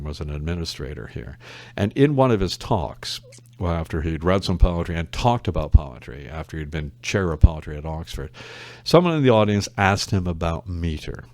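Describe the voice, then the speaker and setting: This low, slightly dark male voice was captured in a dry recording. The speaker, a literature professor guesting on a relaxed podcast, comes across as wry and reflective. He tends to wander off into tangents as he explains.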